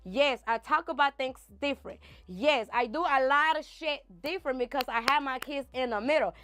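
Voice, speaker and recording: A woman's voice: high-pitched, moderate pace, sharp tone. A woman, a mother, speaking insistently about her choices and her children, repeating her points for emphasis. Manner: insistent, repetitive. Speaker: mother defending herself in a clip. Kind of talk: emotional self-defense in a played clip.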